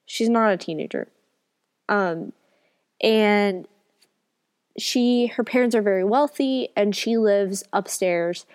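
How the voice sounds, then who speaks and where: A woman's voice: mid-range voice, takes it slowly, pauses often, a little mellow, smooth. A woman with a cold co-hosting a casual book podcast, rambling and correcting herself. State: has a cold. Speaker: podcast co-host. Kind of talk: casual book review chat.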